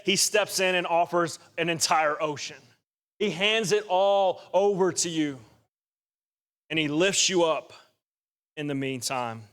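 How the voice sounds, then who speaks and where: Man, high-pitched, preaching a sermon, earnest, emphatic. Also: fairly bright tone. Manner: earnest, rising to emphatic exhortation.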